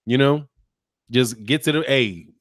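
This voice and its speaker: An American man hosting his channel reads live comments in a loose, joking way, laughing often. His voice is medium-pitched and unhurried, recorded with studio quality and no room sound.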